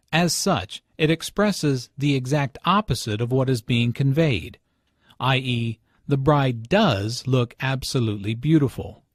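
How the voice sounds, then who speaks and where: A man narrating English lesson notes in a measured, explanatory way. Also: medium pitch, no echo, studio quality.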